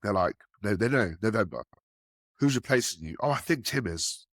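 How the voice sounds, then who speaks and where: Animated male sales guest on a podcast. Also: normal speed, dry recording, clean studio sound. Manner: animated, acts out quotes with raised pitch. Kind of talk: casual podcast storytelling.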